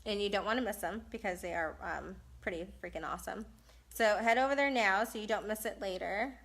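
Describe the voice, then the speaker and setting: A live-stream host, a California woman in her thirties, answers viewer questions with blunt, casual chatter and frequent laughter. Her medium-pitched voice is brisk and a little bright, with some vocal fry.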